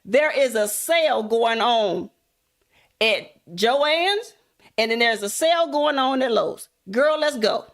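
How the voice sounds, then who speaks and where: A woman voicing an excitable friend who just bought a new car, chatting casually. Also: fairly high pitch, slow pace, voice pushed down. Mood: excited.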